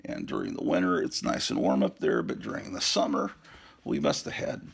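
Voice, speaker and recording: A middle-aged man rambling through a casual home tour vlog with halting restarts, addressing viewers as ladies and gentlemen. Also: a bass voice, wildly swooping pitch, gravelly, slightly rough. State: out of breath. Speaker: collector giving a home tour. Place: house interior.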